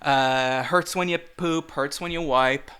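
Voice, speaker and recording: A man's voice: on the high side, slow pace, sharp tone, smooth. A man hosting a podcast in casual chat, reading listener mail aloud with joking, self-correcting asides. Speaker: podcast host.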